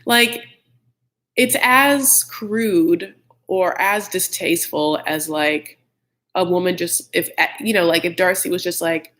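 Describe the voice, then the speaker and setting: A man with a high, bright voice hosts a live chat recapping a reality show, speaking slowly but forcefully. He is gossipy and blunt, saying "like" often and doing mocking impressions of the cast.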